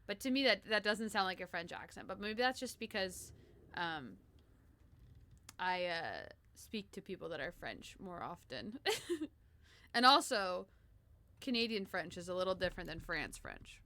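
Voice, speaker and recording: A woman's voice: fairly low pitch, sing-song, a little slow, sharp tone. A woman streaming a video game, chatting casually and animatedly with lots of giggles. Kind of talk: casual gameplay commentary.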